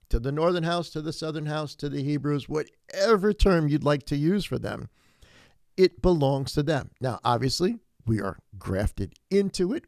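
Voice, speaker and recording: A man preaching a sermon as pastor, animated, rising to emphatic peaks and often restarting his phrases. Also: on the high side, dry recording, clean studio sound.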